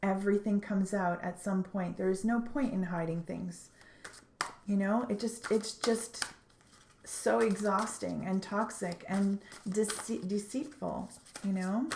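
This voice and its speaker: A woman talks through a spiritual tarot reading at a middle pitch. She speaks earnestly and haltingly, often stopping to restart a phrase. The room around her is noticeably echoey. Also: steady tone, gravelly, background noise. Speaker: tarot reader.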